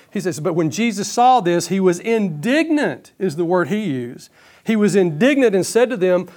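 A middle-aged man preaching a sermon, emphatic, slowing down to stretch the key words. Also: on the high side.

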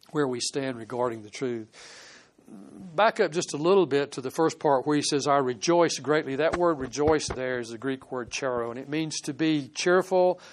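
A man preaching a conversational Bible sermon, explaining verses and sometimes acting out quoted voices. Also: a little high. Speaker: pastor.

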